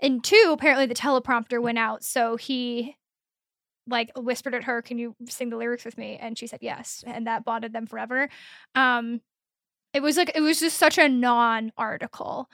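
A woman's voice: fairly high pitch, fairly even intonation, normal speed, fairly bright tone, no echo, studio quality. A woman from the Midwest co-hosting a podcast, chatting casually about a movie with plenty of likes and ums and acted-out quotes. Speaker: podcast co-host.

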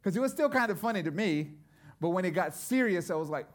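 Preaching at a fast clip, this middle-aged pastor's voice sits high and stays expressive. He tells a story through his sermon, swinging between hushed, intimate stretches and loud, forceful passages.

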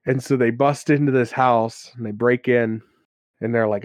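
A man telling stories from his tabletop games on a podcast. He is animated, laughs often and slips into character voices. His voice sits mid-range and the sound is dry and close. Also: mid-range voice, moderate pace, no echo. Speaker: podcast co-host and game master. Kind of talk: casual chat about tabletop games.

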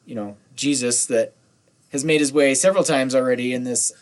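A man's voice: mid-range voice, a little fast. A man co-hosting a podcast who playfully argues and teases in a casual chat. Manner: teasing, playfully argumentative. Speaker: podcast co-host.

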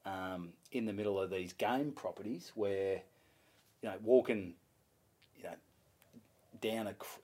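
A young Australian man, a comedian, telling a story in a casual interview. He swears freely and acts out what people said in a louder voice. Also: lowish voice, unhurried, pauses often. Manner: animated, swears freely, acts out his own lines in a louder voice. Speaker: comedian guest.

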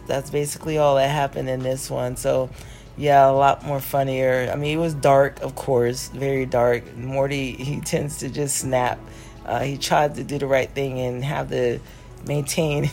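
A woman's voice: very deep voice, vocal fry, a little mellow. A woman hosting a podcast, casually recapping a cartoon episode, laughing often and acting out the characters' lines.

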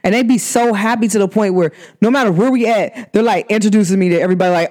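A woman hosting a podcast, talking casually and emphatically to her listeners, full of "like" fillers, her voice swinging up high when excited. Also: fast, few pauses. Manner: chatty and emphatic, many "like" fillers. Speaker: podcast host.

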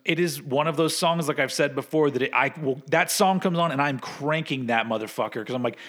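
Man chatting with halting restarts. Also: on the high side, fairly bright tone. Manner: rambling, halting restarts, laughs often. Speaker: podcast co-host. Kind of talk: casual music chat.

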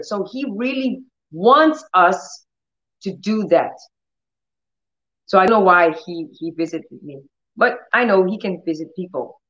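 A woman's voice: mid-range voice, moderate pace. A woman hosting a healing ministry stream, preaching and praying with bold commanding declarations. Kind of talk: livestream preaching and prayer. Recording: roomy, dull lo-fi stream audio.

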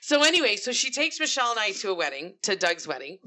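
Woman gabbing on a podcast, bright voice, swears and laughs through her stories. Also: medium pitch, quick pace. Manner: animated, laughs and swears while telling stories. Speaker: podcast co-host. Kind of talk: casual chat, storytelling.

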